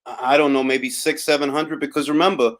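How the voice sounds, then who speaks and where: A man's voice: medium pitch, fairly even intonation, fairly quick. A young man from Harlem with a New York accent, hosting a casual boxing talk livestream and reading out viewer comments in a laid-back, wry, drawling way. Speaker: boxing talk host reading live chat.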